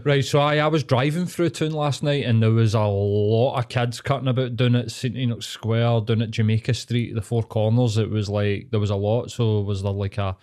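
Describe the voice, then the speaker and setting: A man's voice: mid-range voice, steady tone, darkish tone. Bantering Glaswegian man, sweary. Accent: Scottish, Glaswegian. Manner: sweary, banter, quick joking asides. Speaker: podcast co-host. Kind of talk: casual chat.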